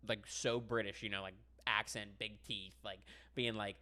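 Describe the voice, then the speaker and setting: A young man from Pittsburgh chats on a comedy podcast, rambling and loose. He talks quickly, with a somewhat low yet bright, forward voice. He strings his thoughts together with constant "like" and "dude". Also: fairly even intonation. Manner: rambling, heavy use of "like" and "dude". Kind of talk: casual podcast chat.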